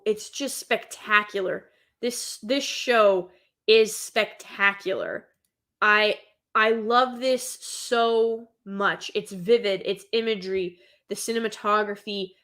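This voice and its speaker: A woman host chatting casually about a film she loves, gushing and excitable, with lots of filler words. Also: mid-range voice, slow. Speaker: host reviewing an animated film. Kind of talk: casual chat.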